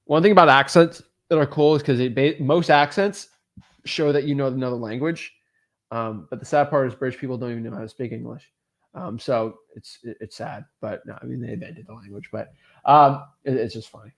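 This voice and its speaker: A real estate wholesaling coach hosts a casual live Q&A in a gravelly, mid-range voice at a fairly quick pace. He rambles loosely and upbeat, using plenty of fillers.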